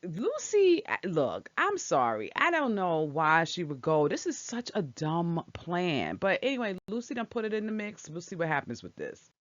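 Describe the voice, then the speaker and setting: A woman's voice: fairly low pitch, no room sound. A woman casually recapping a soap opera episode, talking back at the characters with strong opinions. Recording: dull lo-fi dry recording.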